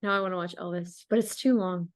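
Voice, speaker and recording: A young American woman hosting a podcast in casual chat, rambling with lots of fillers and quick to laugh. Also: fairly low pitch, steady tone. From United States. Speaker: podcast host.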